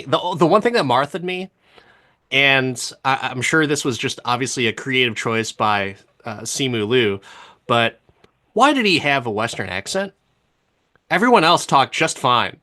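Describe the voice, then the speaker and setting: A man co-hosting a podcast, chatting casually and eagerly about episodes he enjoyed. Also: medium pitch. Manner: enthusiastic, animated, quick to laugh. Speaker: podcast co-host. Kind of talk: casual review chat.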